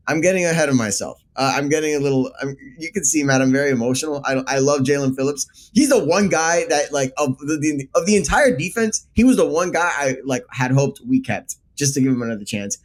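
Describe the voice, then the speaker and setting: A man's voice: on the high side, animated, fairly quick. A man co-hosting a casual sports chat, emotional and exasperated, with frequent stammering restarts. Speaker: co-host.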